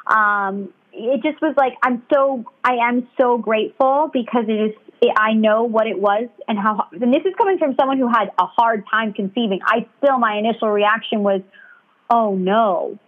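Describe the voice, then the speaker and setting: A young woman with a fairly high voice talks in a chatty, candid, rambling way, piling up her thoughts as they come. Her voice has a thin, tinny, phone-like sound. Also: normal speed, few pauses. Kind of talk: candid casual chat.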